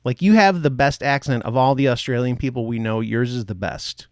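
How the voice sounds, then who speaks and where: A man's voice: medium pitch, brisk, clear, resonant tone, dry recording, studio quality. A man from the United States hosting a podcast, chatting in a playful, rambling way. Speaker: podcast host. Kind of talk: casual chat.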